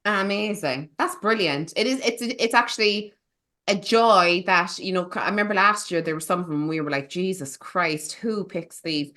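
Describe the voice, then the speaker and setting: A woman's voice: medium pitch, normal speed, sharp tone. A woman hosting a casual film podcast, playful and teasing, with theatrical asides. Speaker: podcast host.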